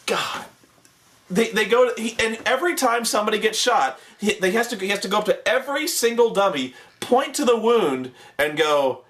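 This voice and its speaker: A man's voice: on the high side, lively intonation, fairly quick, fairly bright tone. A man ranting sarcastically about a TV show, swearing a lot and mocking the people on it in exaggerated voices. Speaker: host reviewing a TV show. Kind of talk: ranting commentary.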